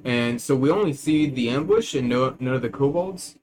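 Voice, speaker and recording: A man's voice: medium pitch, animated, a little mellow, poor audio. Hesitant man playing a tabletop game. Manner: hesitant, halting, with many uhs. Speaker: player. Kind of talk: casual tabletop game play.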